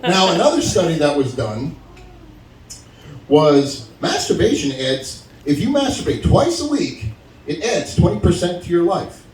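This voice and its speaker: A man in his forties doing a stand-up set at an open mic, animated as he tells stories and acts out phone calls. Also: a little high, unhurried. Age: 40s. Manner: animated storytelling, acts out phone calls, laughs at own jokes. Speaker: stand-up comedian. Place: stage at a live open mic. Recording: roomy venue sound from a distance.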